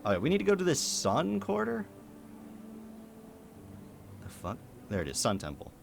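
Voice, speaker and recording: A man's voice: on the high side, normal speed, vocal fry, a little hiss or hum. A young man streaming a game, talking casually, laughing and swearing often. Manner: animated, swears, laughs a lot. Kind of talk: casual gameplay commentary.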